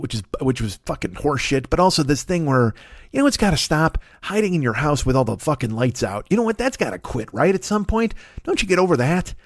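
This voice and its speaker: Middle-aged male comedian, solo podcast monologue, swooping lively pitch, dry close-mic sound, profane and rambling. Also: dry recording. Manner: rambling, profane, acts out characters in put-on voices.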